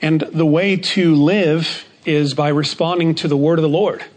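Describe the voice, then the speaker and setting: A man teaching a Bible study lesson in a measured way, repeating key phrases for emphasis. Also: fairly high pitch, steady tone, a little mellow.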